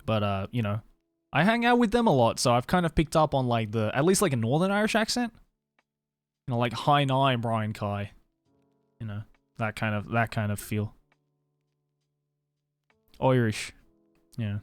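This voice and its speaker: A man's voice: medium pitch, big pitch swings, fairly quick, clean tone, no room sound, clean studio sound, faint music behind. A young man with a mild Australian accent, chatting casually with his stream viewers, laughing often and swearing freely. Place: home stream room in Tokyo.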